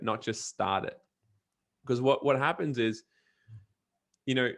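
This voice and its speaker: A man, a guest on an interview, talking energetically and emphatically with frequent restarts. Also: medium pitch. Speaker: podcast coach and guest. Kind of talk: casual interview talk.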